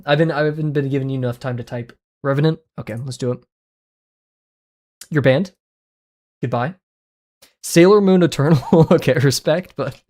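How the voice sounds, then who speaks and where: Male streamer at a desk mic, casual running chat, mid-pitched, quick yelps and muttered asides. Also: darkish tone. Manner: chatty, reacting aloud with sudden yelps and mumbled asides. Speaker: art livestreamer. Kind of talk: casual livestream chat playing daily web games.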